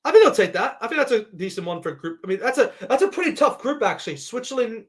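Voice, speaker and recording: A man giving a live reaction to a sports draw, excitable and thinking aloud as he keeps addressing his viewers. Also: very high-pitched, quick pace. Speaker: sports vlogger.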